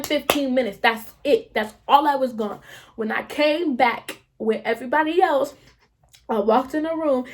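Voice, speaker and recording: A young woman vlogger telling a story in a casual, slangy, animated way, swearing freely. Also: on the high side.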